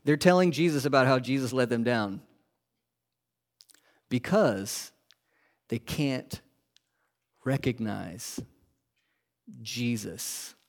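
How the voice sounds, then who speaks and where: A man preaching a sermon as a pastor, asking the congregation questions and moving between loud emphasis and hushed, quiet lines. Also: medium pitch, takes it slowly, pauses often.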